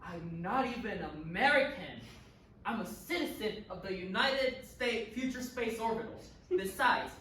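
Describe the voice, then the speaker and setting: A woman's voice: mid-range voice, animated, measured pace, a bit bright, slight background noise. A woman playing a sarcastic councilman from the future who cracks jokes. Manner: sarcastic, wisecracking. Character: snarky male councilman from the future. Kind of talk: student stage reading. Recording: echoey room from a distant mic.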